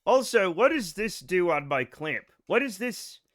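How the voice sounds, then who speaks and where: A man chats through a live game stream in a high, bright voice. He rambles, loses his train of thought and jokes at himself. He talks into a desk mic at home. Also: very animated, unhurried. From United States. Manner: rambling, scattered, self-mocking. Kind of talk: casual livestream chat.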